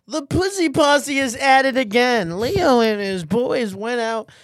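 Comic voice: a host doing a brash Brooklyn tabloid reporter, drawn-out delivery. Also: medium pitch, lively intonation, no room sound, voice pushed up, natural voice. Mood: sensational.

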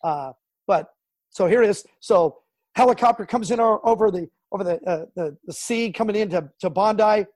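Brief: middle-aged sports broadcaster, lively storyteller, high voice, dry close sound. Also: male voice, moderate pace, dry recording. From Southern California. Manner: animated storyteller, acts out quotes and sounds. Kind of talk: storytelling interview.

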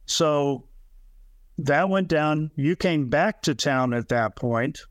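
A man with a somewhat raised pitch hosts a podcast interview, asking short, calm questions. His voice sounds close and dry. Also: slow, no echo.

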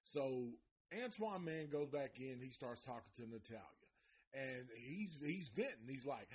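With a medium-pitched voice at a measured pace and a little hiss or hum in the sound, a live show host reviews a documentary series. His retelling is casual and animated, packed with slang and cursing, and he puts on exaggerated voices for the people in the story.

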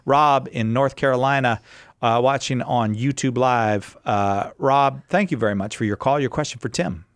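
A man hosts a call-in radio show in a mid-pitched voice, full of energy and quick jokes. The studio sound is dry and close. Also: no room sound. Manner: energetic, jokey, repeats phone number.

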